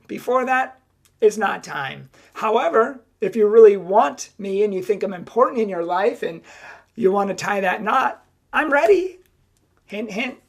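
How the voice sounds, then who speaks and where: An emphatic young woman giving straight-talking advice to camera. She voices both sides of each exchange as she goes, with a middle-pitched voice of ordinary range. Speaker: Catholic speaker. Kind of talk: direct-to-camera advice talk.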